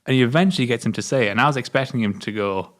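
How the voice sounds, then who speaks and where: A man's voice: mid-range voice, racing. A man with a northern English accent, co-hosting a casual film review chat in a chatty, enthusiastic, playful way. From northern England. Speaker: film review podcast co-host.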